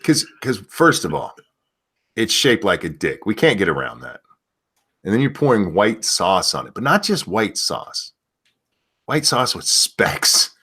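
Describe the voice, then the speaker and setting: A man's voice: fairly low pitch, a little slow, slightly rough. A man hosting a casual chat show, rambling through crude jokes and reading out donations. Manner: loose rambling crude humor, animated. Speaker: show host.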